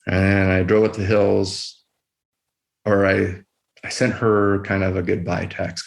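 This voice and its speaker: A middle-aged man, an emergency physician, telling a personal story as a podcast guest in a quiet, measured way with many pauses. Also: low-pitched, level tone, gravelly.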